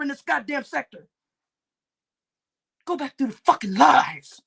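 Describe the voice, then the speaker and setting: A woman hosting a livestream, ranting angrily, swearing heavily and breaking into shouts. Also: sits high, animated, a little slow, vocal fry, pauses often. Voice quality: heavy cursing, shouting bursts. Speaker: livestream host. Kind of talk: angry livestream rant.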